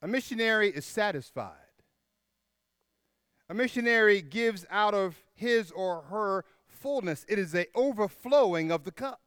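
A man with a high, ringing, clear voice delivers a sermon, hammering home his points by repeating them and letting the last words sink low and quiet. The sound is dry and close, with no room around it. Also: lively intonation, a little slow, no echo. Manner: emphatic, repeats key phrases, drops to a hush on final words. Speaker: preacher.

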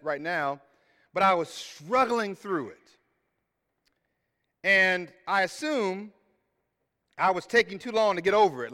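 A man preaching an earnest sermon as a pastor, repeating key phrases and loudly acting out the voices he quotes. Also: a little high. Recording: reverberant hall.

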